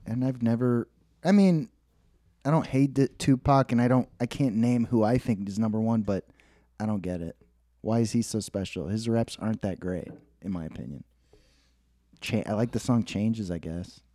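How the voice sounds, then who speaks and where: A man's voice: lowish voice, normal speed, warm tone, dry recording, clean studio sound. A man co-hosting a podcast, telling rambling stories in casual chat, laughing at himself and acting out quotes. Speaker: podcast co-host.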